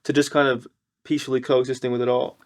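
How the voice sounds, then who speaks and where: A man's voice: mid-range voice, flat delivery, fast. A man hosting a podcast interview, asking long, rambling, searching questions. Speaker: podcast host. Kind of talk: conversational interview.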